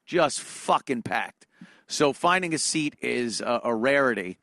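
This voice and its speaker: A man's voice: medium pitch, lively intonation, a little slow, a bit bright, no room sound. A man, hosting a show and telling a comedic, profane, sarcastic rant about how annoyed he is by everyone around him. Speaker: show host.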